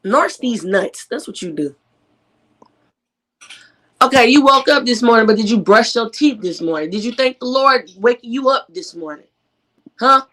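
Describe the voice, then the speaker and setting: A woman's voice: a little high, expressive, normal speed, long pauses, fairly bright tone. A woman on a live stream panel in casual chat, teasing and roasting another caller in a sassy way.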